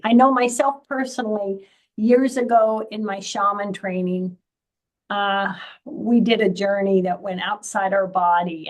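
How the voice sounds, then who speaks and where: Slow, reflective woman host. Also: mid-range voice. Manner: reflective, shares her own experience while asking. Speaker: podcast host. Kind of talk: interview conversation.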